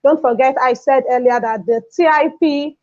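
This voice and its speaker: Woman host, high voice, effusive, dull dry lo-fi audio. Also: normal speed, no room sound. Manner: enthusiastic, effusive. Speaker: session host. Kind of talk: hosting an online session.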